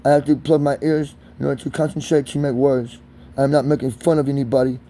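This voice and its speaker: A man's voice: medium pitch, little pitch movement, quick pace, warm tone, a little hiss or hum. A man with a speech impediment, ranting angrily in a vlog. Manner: agitated, angry ranting. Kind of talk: vlog rant.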